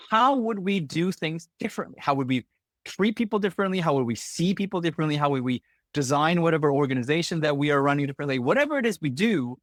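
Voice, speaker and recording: A man hosting a podcast, thinking aloud in a halting, reflective way, with many restarts. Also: on the high side, fairly bright tone, no echo. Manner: reflective, halting, laughs often. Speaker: podcast host. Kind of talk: podcast interview.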